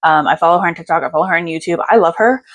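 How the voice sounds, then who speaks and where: A woman's voice: fairly low pitch, racing. A young woman chatting casually through a book haul, bubbly and gushing, tired and a little out of breath. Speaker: book vlogger.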